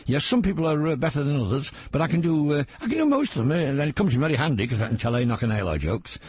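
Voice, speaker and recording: A man's voice: a little high, sing-song, quick pace, darkish tone, slightly rough, dry recording. An older man from England, a comedian telling jokey stories in an interview and slipping into impressions of regional voices, heard on an old radio broadcast. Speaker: comedian guest. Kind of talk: anecdotal interview chat.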